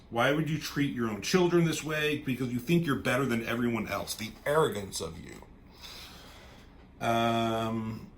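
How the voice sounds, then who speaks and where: A man's voice: medium pitch, a little hiss or hum, close to an everyday voice. A man voicing a grieving, furious young woman with superpowers, delivering a bitter, accusing tirade at her father.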